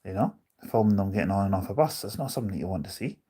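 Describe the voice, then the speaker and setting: A man's voice: lowish voice, expressive, racing, mellow, breathy edge. A man live streaming from on board a bus, chatting casually, rambling with his opinions and reading out viewer comments.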